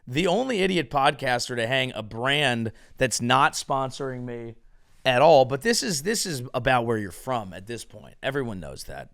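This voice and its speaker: A man from California delivering a rambling, sarcastic comedic monologue as host, veering from mumbled asides to loud outbursts. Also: medium pitch, expressive, normal speed, gravelly, no echo, studio quality.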